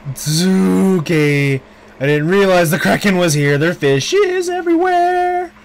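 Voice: mid-range voice, big pitch swings, a little slow, low-quality recording. A streamer giving casual let's play commentary on a horror game, panicking and swearing and laughing between scares. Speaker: gameplay streamer.

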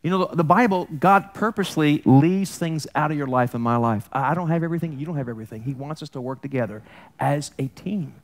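A man's voice: on the high side, animated, quick pace. Joking, conversational male pastor. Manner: conversational, jokey, self-interrupting. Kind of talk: sermon.

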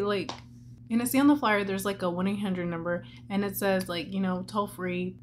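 Over a little hiss or hum, a young adult woman vlogger shares a personal story while doing makeup, speaking a little fast in a mid-range voice. Her talk is chatty and candid, packed with "like."

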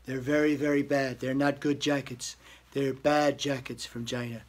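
Man doing a comic impression: deep, husky, self-praising politician who says everything twice. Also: little pitch movement, moderate pace, close to an everyday voice. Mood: bragging. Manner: boastful, repeats himself over and over. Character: boastful older male politician impression, blustering and self-praising.

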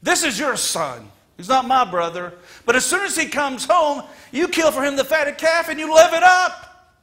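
A preacher acting out a resentful older son, complaining to his father in an indignant, high voice. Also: very animated, slow, bright, forceful tone, exaggerated voice.

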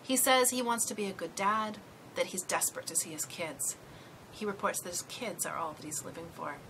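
A woman's voice: lowish voice, a little fast, sharp tone, slight background noise, low-quality recording. A woman trainer guiding listeners step by step through a case scenario. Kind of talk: training presentation.

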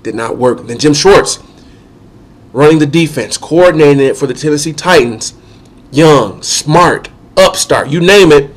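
A man with a cold and a nasal voice, giving methodical opinion commentary on football as an analyst. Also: fairly high pitch. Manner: measured, methodical, lists points one by one.

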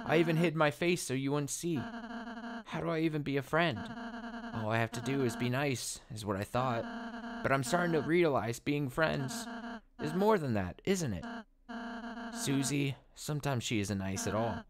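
A man voicing a gentle, shy young male goat prince who speaks softly and sincerely, with some hesitation. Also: mid-range voice, lively intonation, moderate pace, a crowd in the background, voice pushed up, natural voice. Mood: tender.

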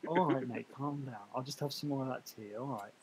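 A man's voice: medium pitch, quick pace, crowd noise, natural voice, rough recording. A man playing a cheeky halfling. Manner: cheeky, teasing. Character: cheeky male halfling adventurer.

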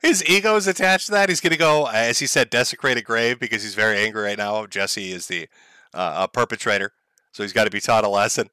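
A man's voice: fairly low pitch, a little fast, sharp tone, clean tone, no room sound, clean studio sound. A man hosting a livestream, giving sarcastic, profane, mocking commentary. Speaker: streamer host.

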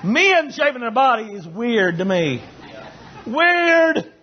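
A man preaching as a Baptist pastor, folksy and joking, who builds to shouted preaching. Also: sits high, big pitch swings, moderate pace, a little hiss or hum. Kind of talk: sermon. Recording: dull lo-fi recording.

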